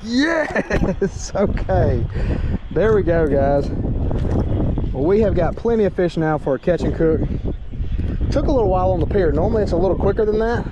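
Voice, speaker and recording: Excitable folksy man with a lively pitch. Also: fairly quick, pauses often, background noise. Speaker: fishing vlogger, host. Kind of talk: casual outdoor cooking vlog talk. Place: outdoors near a pier.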